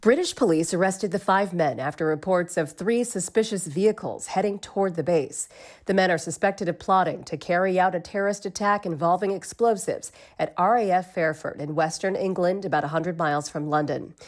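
A woman correspondent reading a scripted radio news report in a crisp, measured way. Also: lowish voice.

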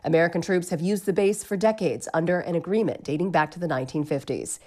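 A woman correspondent reading a scripted radio news report in a crisp, measured way. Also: on the low side, darkish tone.

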